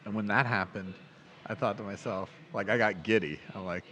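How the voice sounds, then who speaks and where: A man co-hosting a podcast, talking about films in a casual, rambling way, excited and often restarting his sentences. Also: lowish voice, brisk. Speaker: podcast co-host. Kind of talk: casual film discussion.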